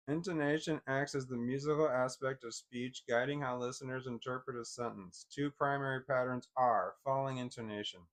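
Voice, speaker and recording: A man casually thinking aloud, reading definitions off a screen in a halting, self-deprecating way. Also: mid-range voice. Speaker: vlogger.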